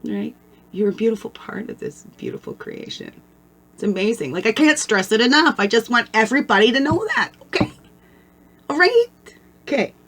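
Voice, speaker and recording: A woman's voice: a little high, huge pitch swings, moderate pace, fairly bright tone, a little hiss or hum. Chatty woman giving a spiritual pep talk. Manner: conversational, keeps asking "right?" for agreement; blunt and earthy, mixes swearing with spiritual talk. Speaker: spiritual guide and channel host. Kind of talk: casual motivational talk to camera.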